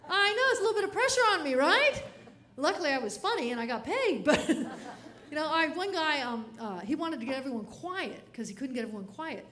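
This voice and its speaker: High-voiced woman comedian, animated keynote storyteller who laughs between lines. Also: brisk.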